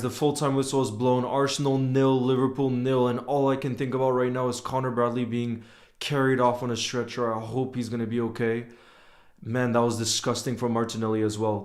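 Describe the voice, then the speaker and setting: Guy doing a live football watchalong, fired up and then gutted, keeps saying bro. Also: medium pitch. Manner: emotional, swings between outrage and glum reflection, says "bro" a lot. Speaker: football fan streamer. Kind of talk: live match watchalong commentary.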